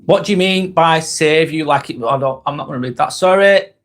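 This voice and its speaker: A man's voice: on the high side, fairly quick. A man hosting a live motivational vlog, chatting bluntly and casually with viewers, swearing freely and repeating his points for emphasis. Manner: talks while eating a snack. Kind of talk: live motivational chat reading viewer comments.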